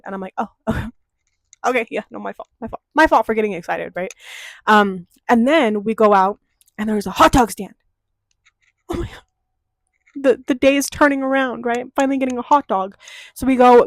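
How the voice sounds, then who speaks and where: Young woman vlogger, dramatic and cussing, mid pitch, dry room. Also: no echo. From Denver, USA. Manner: animated, profane, dramatic storytelling with quoted voices. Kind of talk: casual storytime chat.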